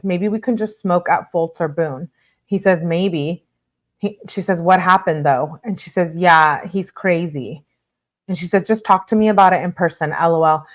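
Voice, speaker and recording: A lowish-voiced woman runs a true-crime video, reading text messages at a brisk clip and interrupting herself with blunt asides.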